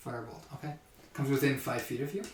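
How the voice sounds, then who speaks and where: A man's voice: mid-range voice, fast. A man runs a tabletop game in an easygoing, rambling voice, circling back and stacking fillers as he sets each scene. He sounds set back from the mic in an echoey room with a faint hiss behind him. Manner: relaxed, hesitant descriptions with many fillers. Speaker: game master. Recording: roomy, distant mic with faint noise.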